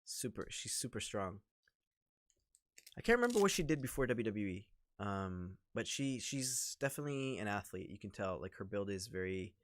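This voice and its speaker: Excitable rambling man on a livestream. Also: mid-range voice, no room sound, clean studio sound. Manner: rambling, excitable, lots of fillers. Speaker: livestream host. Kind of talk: casual live commentary on wrestling.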